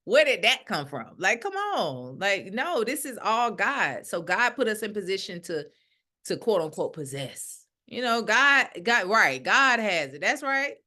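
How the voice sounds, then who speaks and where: A woman's voice: mid-range voice, unhurried. A middle-aged woman leading a ministry, giving a casual spiritual talk and acting out the voices of the people she quotes. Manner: animated, acts out quoted voices. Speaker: ministry leader.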